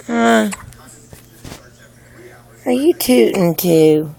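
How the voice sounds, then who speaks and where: A young mother cooing to her newborn at home in soft baby talk, whispering softly and then rising into high squeals. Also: lively intonation, slow pace, gravelly, pauses often, breathy edge.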